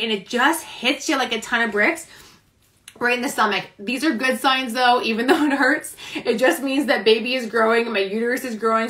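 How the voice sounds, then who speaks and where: A woman's voice: on the high side, fairly bright tone. Bubbly, chatty young woman. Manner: bubbly, chatty, laughs often. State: a little out of breath. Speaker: vlogger. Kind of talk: casual live-stream chat. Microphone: phone camera.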